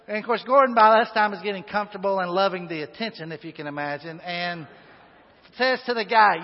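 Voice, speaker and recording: High-voiced folksy preacher. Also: male voice, fast talker. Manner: folksy, chatty with asides and filler. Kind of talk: sermon. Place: church sanctuary. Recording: dull sound with long hall reverb.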